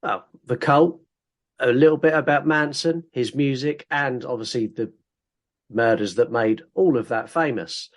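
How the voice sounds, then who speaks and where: A man's voice: mid-range voice, unhurried. A man co-hosting a true crime podcast, joking and blunt in casual chat. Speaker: podcast co-host.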